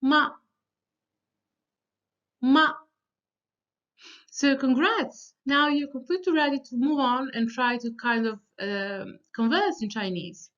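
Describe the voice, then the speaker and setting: Higher-voiced woman teaching a language lesson. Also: a bit bright, lo-fi sound. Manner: slow, deliberate pronunciation drills with frequent pauses and fillers. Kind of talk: recorded beginner language lesson.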